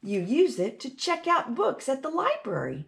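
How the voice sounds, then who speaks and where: A woman hosting a children's storytime, reading a rhyming picture book aloud in an animated way and asking the kids questions. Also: sits high, moderate pace, vocal fry.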